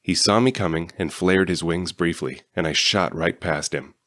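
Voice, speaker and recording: A man reading a fan-written novel aloud in steady first-person narration. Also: deep voice, moderate pace. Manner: steady storytelling. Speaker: audiobook reader.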